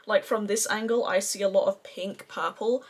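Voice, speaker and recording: A chatty Australian woman talks through her favourite eyeshadows in a casual beauty review. She gushes freely, sitting at an ordinary, middling pitch. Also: fairly even intonation, moderate pace. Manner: gushing, chatty, effusive. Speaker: beauty vlogger.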